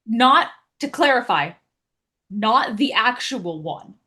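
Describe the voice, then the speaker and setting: Slow, high-ish woman narrating a game. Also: expressive, pushed and bright.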